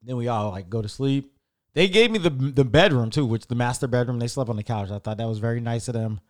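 A man's voice: medium pitch, fast. A young man telling a long personal story in a casual, rambling way, often correcting himself. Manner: rambling, self-correcting, animated retelling.

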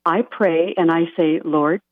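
Soft-spoken woman on a tinny phone line. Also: low-pitched, moderate pace, no echo. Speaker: life coach guest. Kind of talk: radio interview answers.

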